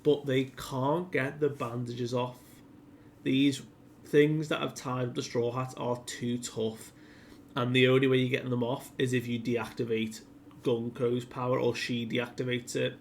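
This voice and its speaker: A man reviewing a comic chapter in a relaxed, slow way, retelling scenes animatedly and peppering them with "like". His speech is unhurried and chatty. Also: medium pitch, slight background noise. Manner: animated retelling full of filler "like". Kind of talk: casual chapter recap.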